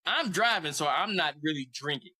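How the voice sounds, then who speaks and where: A man in his forties, co-hosting a podcast, tells rowdy stories in a relaxed, profane way and laughs often. His voice sounds strong and bright and sits a little high. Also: normal speed, slightly rough, poor audio. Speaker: podcast co-host. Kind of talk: casual storytelling.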